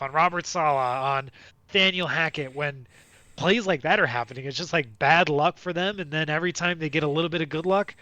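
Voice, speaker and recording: A man's voice: fairly high pitch, sharp tone, no room sound. A man co-hosting a casual sports podcast, rambling with lots of fillers and restarts. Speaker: podcast co-host.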